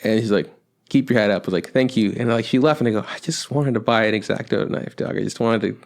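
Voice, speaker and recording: A man's voice: fairly low pitch, fast talker, creaky. A young man chatting on a podcast, rambling with lots of fillers and swearing. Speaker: podcast co-host. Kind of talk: casual chat.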